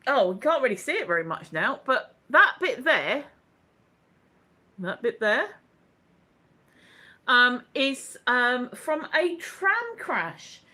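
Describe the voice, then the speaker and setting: A woman's voice: high-pitched, very animated, slow, pauses often, bright, forceful tone. A woman, hosting a casual livestream chat, rambling and laughing as she reads out viewer comments. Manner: chatty, laughs often, rambling asides. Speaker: livestream host.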